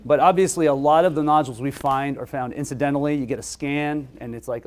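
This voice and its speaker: A man who is a surgeon, giving a relaxed, conversational medical lecture with frequent hesitations. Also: medium pitch, fast talker, slight background noise.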